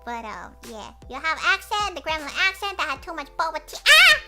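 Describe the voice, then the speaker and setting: A woman streamer with a cutesy voice chats with her viewers and tells stories in a giggly, animated way. She speaks in a very high, bright tone at an unhurried pace. Faint music plays in the background. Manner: giggly, animated storytelling, squeals when excited. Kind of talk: casual chat.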